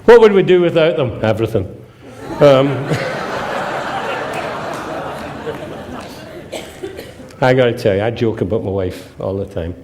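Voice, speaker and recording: Animated older man telling jokes. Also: medium pitch, slow pace, long pauses, a faint crowd, a little hiss or hum. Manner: jokey storyteller who acts out dialogue. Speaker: seminar presenter. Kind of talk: humorous seminar talk to a live audience.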